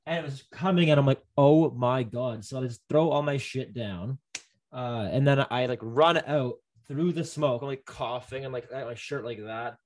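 A young man talking casually, full of "like" and self-corrections, at an average pitch for a man. He tells the story loosely, rambling and piling up fillers. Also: moderate pace. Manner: rambling, many fillers and restarts. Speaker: guest telling a story. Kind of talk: casual chat.

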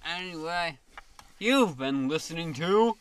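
A man co-hosting a casual podcast, answering in dry, deadpan mock-disapproval. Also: on the high side, slow pace, clear, resonant tone. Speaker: podcast co-host. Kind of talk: casual chat.

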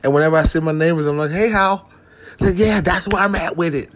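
A man's voice: on the high side, fast talker. A man ranting to the camera in a profane comic vlog, with lots of swearing, restarts and asides. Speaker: vlogger.

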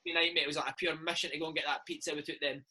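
A Scottish former footballer, maybe in his thirties, telling lively, laughing stories in a casual interview. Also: on the high side, very fast, slight background noise, poor audio. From Scotland. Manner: lively, laughing, says mate a lot. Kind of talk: casual storytelling chat.

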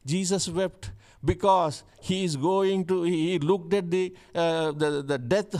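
A male pastor preaching a fervent sermon, repeating key phrases for emphasis. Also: high voice.

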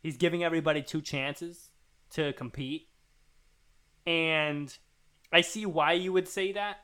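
A man's voice: a little high, fairly even intonation, measured pace, pushed and bright, smooth. A man co-hosting a casual podcast, rambling through listener emails with fillers and restarts. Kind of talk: casual chat.

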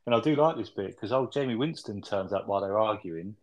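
A man's voice: on the low side, animated, brisk. A man co-hosting a casual film review podcast, recapping scenes in a rambling, sweary way with tag questions.

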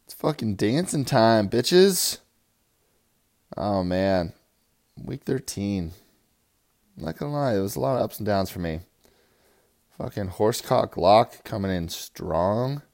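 A young man giving a profane, rambling fantasy football recap, swinging from loud hype to low mumbles. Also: expressive, unhurried, creaky, pauses often. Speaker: fantasy football league player.

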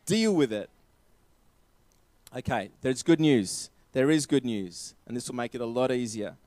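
A man's voice: mid-range voice, normal speed, a little mellow, no echo. A man preaching a sermon, emphatic and repeating his key phrases.

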